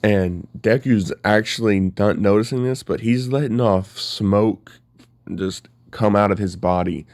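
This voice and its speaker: Low-voiced man casually retelling a story. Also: unhurried, a little mellow, no room sound. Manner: casual, rambling, filler-heavy.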